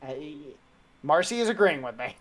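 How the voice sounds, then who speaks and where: A man's voice: a little high, sing-song, moderate pace, a bit bright. A man co-hosting a casual podcast, talking in a heated, rambling and profane way. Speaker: podcast co-host.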